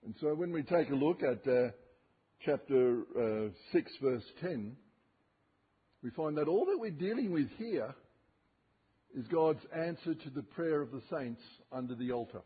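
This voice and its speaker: Husky male preacher, emphatic delivery. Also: a little high, lively intonation. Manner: slow, emphatic Bible reading with dramatic rises and drops. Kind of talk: expository sermon. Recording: tinny phone-like sermon recording.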